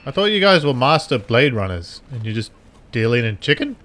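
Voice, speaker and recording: A man giving goofy, wisecracking commentary while playing a video game, often yelling at the characters. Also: medium pitch, very animated, fairly quick. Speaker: puppet character gameplay commentator. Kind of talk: comedic gameplay commentary.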